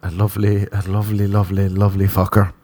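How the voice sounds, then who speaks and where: A man's voice: on the low side, completely flat delivery, fast, mellow, no echo. A man hosting a casual solo podcast, rambling, swearing and mocking himself, often laughing. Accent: non-American. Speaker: podcast host.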